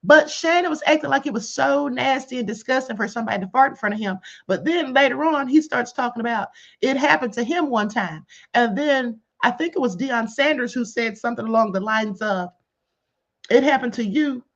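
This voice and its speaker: Animated woman hosting a gossip livestream. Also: fairly high pitch, fairly quick, creaky, few pauses. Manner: animated, addresses chat as beloveds and honey. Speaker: livestream host. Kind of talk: casual commentary livestream. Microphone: computer or headset mic on live stream. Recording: dull lo-fi stream audio.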